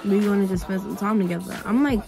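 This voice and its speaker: A woman's voice: mid-range voice, fast talker, gravelly, faint music behind. A young adult woman vlogger telling a dramatic storytime while getting ready, casual and slangy, acting out the people she quotes. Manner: animated, dramatic retelling with quoted voices.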